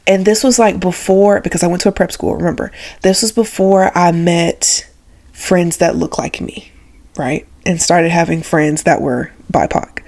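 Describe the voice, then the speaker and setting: A woman's voice: lowish voice, steady tone, moderate pace, gravelly, darkish tone. A woman in her twenties telling a childhood story to her vlog audience in a casual, chatty way, acting out quoted voices. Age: 20s. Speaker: vlogger.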